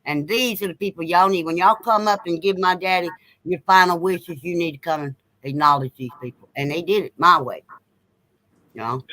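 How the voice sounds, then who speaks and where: A man's voice: on the high side, normal speed, bright, forceful tone, rough recording. A man telling a long story in casual chat, blunt and repeating himself as he goes. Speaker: co-host.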